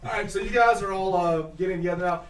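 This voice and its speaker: A man, narrating a tabletop game as game master in an excitable, animated way. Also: high voice, echoey room, distant mic, crowd noise. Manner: animated, excitable, quick asides.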